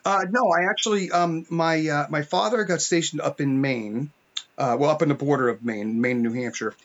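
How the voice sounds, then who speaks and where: A man's voice: a little high, normal speed. A man from upstate New York, an author guest telling stories in a rambling, filler-heavy podcast chat. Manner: rambling storyteller with many fillers. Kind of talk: casual podcast conversation. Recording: muffled lo-fi audio.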